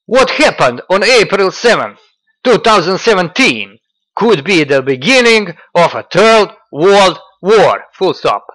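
A man reading out quotes as a pompous male ideologue, declaiming slowly and loudly. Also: high-pitched, sing-song, no room sound, voice pushed up, heavily acted. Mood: grandiose. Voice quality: declamatory, slow and loud.

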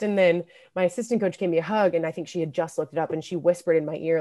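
A young adult woman, a guest on a podcast interview, telling stories in a casual, lively way and laughing often. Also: fairly low pitch, rapid-fire, hardly any pauses. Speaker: interview guest, former college swimmer. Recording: podcast audio.

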